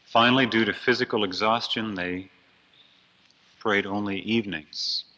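A low-pitched man delivers an earnest storytelling sermon with a forceful edge. He builds dramatically on key phrases. The recording is dull and lo-fi. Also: steady tone, moderate pace. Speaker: preacher.

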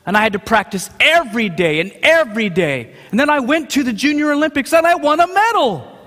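Man, high voice, middle-aged preacher, dramatic sermon, long hall echo. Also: big pitch swings, a little fast. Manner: dramatic, acts out quotes, swings from hushed to shouting.

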